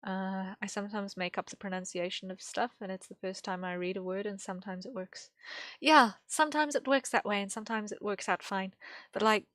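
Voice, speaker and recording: A woman's voice: mid-range voice, fairly quick, a bit bright, no room sound. A young woman streaming while she draws, rambling casually with lots of fillers and small laughs. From English-speaking. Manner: rambling, thinking aloud with many fillers and laughs.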